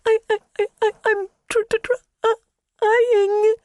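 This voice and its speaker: Man doing a squeaky, tearful young secretary. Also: little pitch movement, measured pace, a little mellow, no room sound, studio quality. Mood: sobbing. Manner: stammering, whimpering. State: crying. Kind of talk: audiobook character voice.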